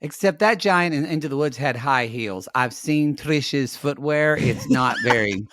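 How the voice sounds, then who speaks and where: A man's voice: medium pitch, unhurried, noisy background. A man co-hosting a podcast with campy, bawdy banter. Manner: campy, bawdy, swooping delivery. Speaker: podcast co-host. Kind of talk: casual chat.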